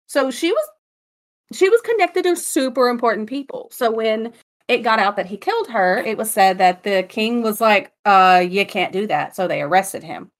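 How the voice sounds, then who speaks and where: A woman's voice: fairly high pitch, animated, normal speed. Chatty woman telling ghost stories. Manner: joking, chatty storytelling. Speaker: podcast co-host.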